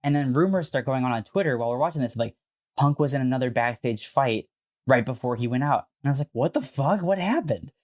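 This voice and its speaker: A man co-hosting a podcast, telling a story in a casual, animated way with frequent swearing and filler words. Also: mid-range voice, quick pace. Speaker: podcast co-host.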